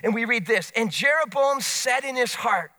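Bright, high-voiced male preacher. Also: moderate pace. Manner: animated storytelling with voiced asides. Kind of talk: sermon.

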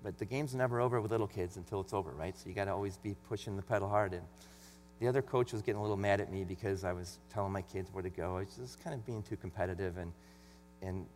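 A middle-aged man preaching a sermon in an earnest, conversational way. He reads scripture with extra emphasis. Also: low-pitched. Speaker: pastor. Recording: long hall reverb with faint mains hum.

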